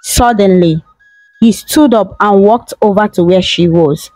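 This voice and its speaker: A woman telling a folktale in steady, dramatic scripted narration. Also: mid-range voice, measured pace, no echo, rough recording. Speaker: storyteller. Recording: dry close mic with faint music.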